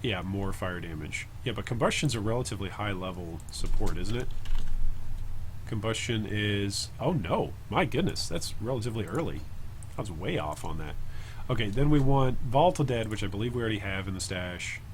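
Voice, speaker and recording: A man's voice: lowish voice, animated, moderate pace, slight background noise. A man streaming a video game, thinking aloud in a casual, chatty way and answering viewers' comments as he plays.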